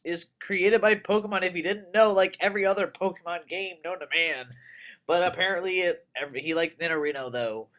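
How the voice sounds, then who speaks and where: A young man giving casual, rambling commentary on a game he plays, excitable and full of crude jokes. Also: high voice. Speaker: let's player.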